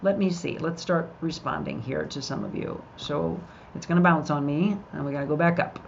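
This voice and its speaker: A woman's voice: deep voice, moderate pace, vocal fry, a little hiss or hum. A middle-aged woman hosting a podcast, chatting upbeat and talking straight to her listeners. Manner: upbeat, addresses listeners directly. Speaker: podcast host. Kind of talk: live podcast chat with viewers. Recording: dull lo-fi sound.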